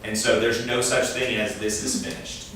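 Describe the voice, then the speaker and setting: A man's voice: mid-range voice, flat delivery, moderate pace, fairly bright tone. Man lecturing parents in an echoey room. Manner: conversational, acts out quoted dialogue. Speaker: instructor at a parent training. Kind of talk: informal presentation to parents. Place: meeting room. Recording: echoey room, speaker far from mic, faint noise.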